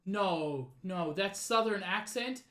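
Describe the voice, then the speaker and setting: A South African woman streams a game live, playfully voicing its dialogue and adding joking asides. She speaks slowly at a medium pitch, with game music playing underneath.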